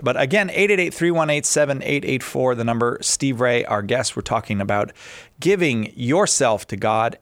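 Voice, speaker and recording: A male radio host talks with a guest in a friendly, bantering way and reads out the call-in number. His middle-pitched voice sits close to a studio mic with a dry, dead sound. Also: no echo.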